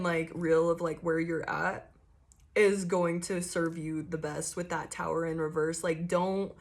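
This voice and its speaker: Chatty, profane woman giving a tarot reading. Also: lowish voice. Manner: loose, chatty and profane, acting out inner monologues. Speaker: tarot reader. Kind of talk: casual channeled tarot reading.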